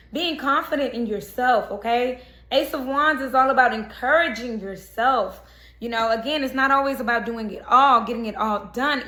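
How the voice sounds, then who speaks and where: Young woman doing a tarot reading, chatty and reassuring, kinda high voice, echoey room. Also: sharp tone. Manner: chatty, reassuring, frequent "okay?". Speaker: tarot reader. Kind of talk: casual horoscope reading.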